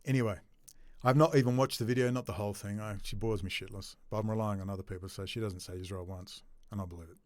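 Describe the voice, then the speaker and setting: A man's voice: on the low side, steady tone, fast talker, no echo, studio quality. A man in an unscripted, angry, profane rant to camera. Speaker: video blogger.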